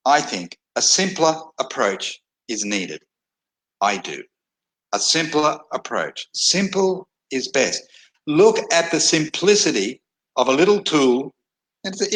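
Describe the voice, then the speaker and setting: A man's voice: mid-range voice, fairly bright tone, rough recording. Blunt, rambling man talking to camera. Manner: rambling, repeats and restarts phrases, blunt. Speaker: internet marketer. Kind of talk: casual talking-head monologue. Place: indoors at a desk in a hot tropical climate.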